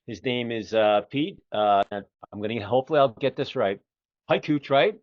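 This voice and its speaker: A man's voice: medium pitch, normal speed, dry recording. A middle-aged man with a Philadelphia accent hosting a casual interview show, rambling with lots of fillers. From Philadelphia area, USA. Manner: rambling, many fillers, folksy. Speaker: podcast host. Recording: muffled lo-fi audio.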